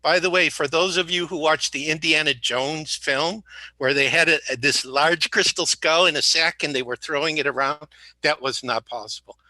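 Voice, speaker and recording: A man's voice: on the high side, fairly even intonation, normal speed, bright, forceful tone, no room sound. A man speaking as a guest, rambling and joking as he talks and correcting himself mid-sentence, slightly sick. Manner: rambling, jokey, self-correcting. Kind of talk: casual interview talk.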